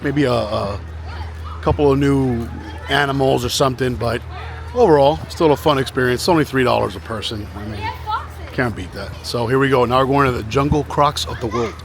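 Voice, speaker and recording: Excitable man narrating his own walkthrough outdoors; average pitch, faint background noise, camera mic. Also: brisk. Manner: chatty, exclaims at animals, drops to hushed voice. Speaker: vlog host. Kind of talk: casual travel vlog walkthrough. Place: outdoor animal park.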